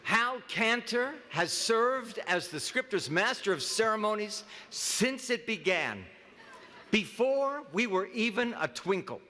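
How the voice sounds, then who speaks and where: A middle-aged man speaking as master of ceremonies at an awards event, joking with many halting restarts. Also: high-pitched, big pitch swings, sharp tone, slight background noise. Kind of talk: comic awards-ceremony emcee speech. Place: large hall at an awards ceremony. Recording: long reverb of a large hall.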